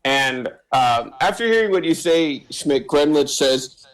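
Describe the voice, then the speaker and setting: A man running a tabletop game as game master, narrating haltingly with many fillers and quick bursts when he explains rules. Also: on the high side, expressive, fairly bright tone, poor audio.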